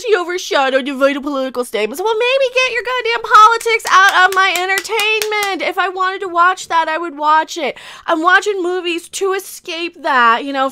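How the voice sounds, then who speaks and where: A woman's voice: extremely high pitch, bright, forceful tone, no echo. A woman in her forties ranting sarcastically about celebrities in her commentary vlog. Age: 40s. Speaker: vlogger. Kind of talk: rant commentary.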